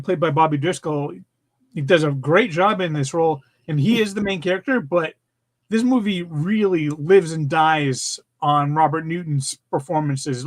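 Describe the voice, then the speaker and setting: Middle-aged male co-host, high voice, eager and rambling, casual review chat. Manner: enthusiastic, rambling with fillers. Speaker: podcast co-host.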